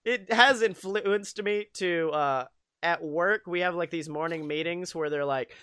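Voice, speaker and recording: A man's voice: sits high, measured pace, pushed and bright, smooth, no echo, studio quality. A young man co-hosting a podcast, joking and laughing often as he tells stories in casual chat. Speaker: podcast co-host.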